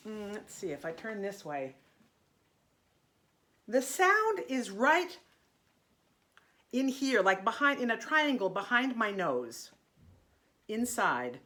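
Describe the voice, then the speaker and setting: Slow, encouraging woman voice coach, modeling vowels aloud. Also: on the high side, a bit bright. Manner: demonstrates vowels, speaking and half-singing them. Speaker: voice teacher. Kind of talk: singing lesson.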